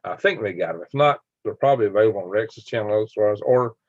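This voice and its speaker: A man's voice: lowish voice, fast, dry recording, highs cut off. A man with a Southern US accent hosting a casual livestream chat, rambling in a folksy way and chuckling often. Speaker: livestream host. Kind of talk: casual livestream chat, reading viewer comments.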